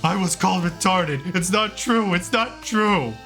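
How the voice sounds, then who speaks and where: A man's voice: sits high, drawn-out words, sharp tone, soft background music, voice pushed up, heavily acted. A man voicing a hulking, childlike man who wails and repeats himself in a tantrum, for a visual novel. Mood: sobbing.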